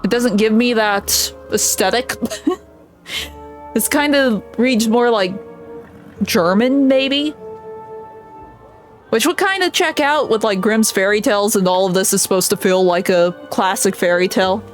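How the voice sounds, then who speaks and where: A woman streamer chatting casually while she plays a game, giggly and chatty, with frequent soft laughs. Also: medium pitch, measured pace, long pauses, soft background music.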